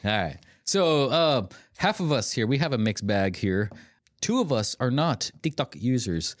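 A podcast co-host chats casually, rambling with fillers and laughing often. His mid-range voice is very animated yet unhurried, recorded in a clean studio with no room sound.

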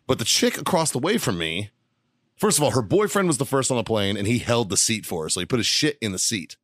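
A man telling a profane, rambling story on a podcast, laughing as he goes. His voice sits at an ordinary middle pitch. The studio mic is dry and close. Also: very animated, fast, fairly bright tone, dry recording. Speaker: podcast host.

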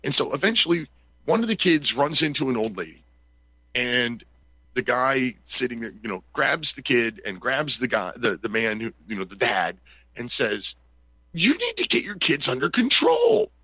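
A man's voice: mid-range voice, moderate pace, bright, forceful tone, no echo. A man in casual conversation, telling a story animatedly and acting out the quoted lines.

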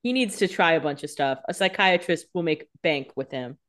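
A woman co-hosting a casual podcast, chiming in with wry, jokey asides and quick banter. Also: low-pitched, a bit bright. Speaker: podcast co-host. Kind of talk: casual chat.

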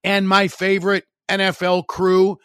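A middle-aged man talks sports on his podcast, blunt and opinionated, with a wry edge and plenty of restarts. His voice sits a little higher than most men's. The sound is dry and close, with no room around it. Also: monotone, measured pace, fairly bright tone, clean tone, no echo. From Chicago area. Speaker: podcast host. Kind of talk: sports talk monologue.

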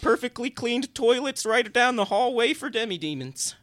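In an improvised comedy sketch set at a hell podcast studio, a male co-host plays a mischievous demon sidekick, a deadpan prankster who loves pushing buttons, dry and giggly. His voice is extremely high, animated and fairly bright, at normal speed with no room sound.

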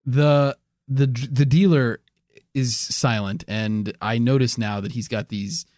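A man co-hosting a comedy podcast, telling an absurd story in a rambling, deadpan way full of fillers. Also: mid-range voice, takes it slowly, no echo, clean studio sound. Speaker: podcast co-host. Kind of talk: casual storytelling.

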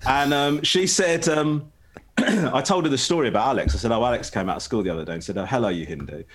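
A man's voice: medium pitch, fast talker. A man in his thirties telling family stories in casual chat, often laughing. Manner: rambling storyteller, laughs often.

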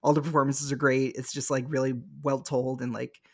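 A man's voice: medium pitch, level tone, a little fast. Hesitant man praising films. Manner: hesitant, full of ums. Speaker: podcast co-host. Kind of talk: casual film chat.

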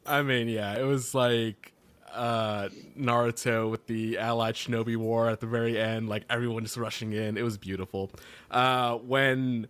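Man, podcast co-host, laid-back casual chat, mid pitch, dry sound. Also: flat delivery, moderate pace, a bit bright, smooth, dry recording. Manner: laid-back, frequent laughs and "like".

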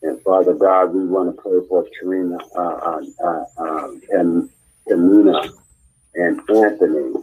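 Male minister-host, very low, dark, husky voice, slow pastoral delivery. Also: steady tone, low-quality recording. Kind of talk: church prayer broadcast.

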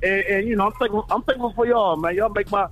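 Laid-back high-voiced male caller. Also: fast talker, fairly bright tone, faint music behind. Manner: laid-back, chuckling, repeats "man". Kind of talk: phoned-in storytelling.

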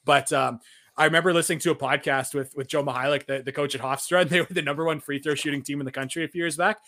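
Bright-voiced podcast host. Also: male voice, fairly high pitch, quick pace, slight background noise. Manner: animated storyteller, frequent "like" fillers. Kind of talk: casual sports podcast chat.

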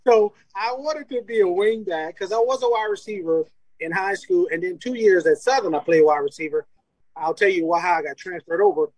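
A man's voice: sits high, a little fast, dry recording, rough recording. A man from Louisiana, a former college football player, telling stories casually as an interview guest, laughing often and acting out what people said. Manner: animated, laughs often, acts out quoted dialogue. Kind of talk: casual storytelling.

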